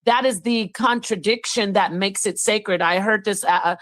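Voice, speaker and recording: A woman hosting a livestream, musing in a reflective, expressive way about consciousness and spirit. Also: medium pitch, measured pace, no room sound. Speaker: live stream host. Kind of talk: casual livestream chat.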